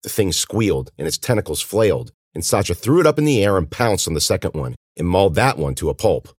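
Deep-voiced man reading a dramatic story. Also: big pitch swings, fast, no room sound, clean studio sound. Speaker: narrator. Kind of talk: audiobook reading of a horror story.

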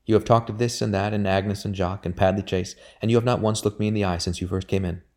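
A man voicing an earnest, devout young gentlewoman in an audiobook, with raised, pleading intensity. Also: lowish voice, steady tone, fast, close to an everyday voice. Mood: teasing.

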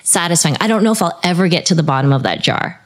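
Young woman podcast guest, low voice, rambling, emotional, laughs often. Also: lively intonation, fast. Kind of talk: casual chat.

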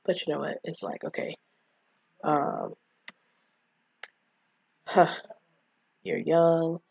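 A woman's voice: low-pitched, lively intonation, very slow, creaky, a little mellow, husky, dry recording. A woman casually recapping a film, rambling and acting out the characters' lines. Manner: rambling, acts out quotes of characters. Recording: dull lo-fi mic.

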